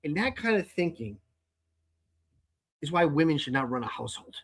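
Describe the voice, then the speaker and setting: A man with a slightly husky voice, pitched a little high for a man, rants through a story on his own show. He sounds exasperated and swears heavily, often tripping over and repeating his words as he goes. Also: very animated, moderate pace. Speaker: podcast host. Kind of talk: casual ranting monologue.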